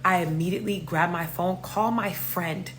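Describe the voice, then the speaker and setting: Animated New woman telling a story. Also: lowish voice, normal speed, a little hiss or hum. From New York. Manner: animated, profane, talks straight to viewers. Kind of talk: casual storytime.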